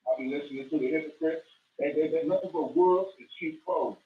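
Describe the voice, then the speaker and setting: A man's voice: on the high side, fast talker, phone-quality sound. Distant, roomy-sounding male radio guest. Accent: Omaha, Nebraska. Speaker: guest, local chef. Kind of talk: casual radio chat.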